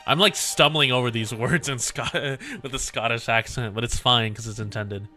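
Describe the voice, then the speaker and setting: A man's voice: mid-range voice, steady tone, normal speed, hardly any pauses, sharp tone, faint music behind. A man streaming a game, reading the story aloud and chatting casually, laughing off his own slips.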